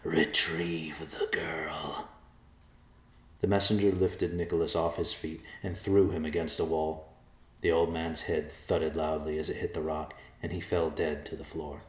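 A man narrating an audiobook in a measured, deliberate way. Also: a bass voice, level tone, darkish tone. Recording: echoey room.

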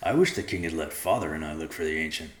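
A man's voice: rumbling low, quick pace, a bit bright, reverberant. A man voicing a cheeky, hungry young male bear cub in a storybook reading, in a teasing, casual manner. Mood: playful.

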